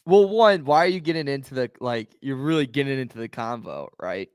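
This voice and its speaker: A man co-hosting a sports podcast, chatting casually and quickly, with lots of filler "like". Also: mid-range voice, animated, smooth, no echo, clean studio sound. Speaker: podcast co-host. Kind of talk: casual chat.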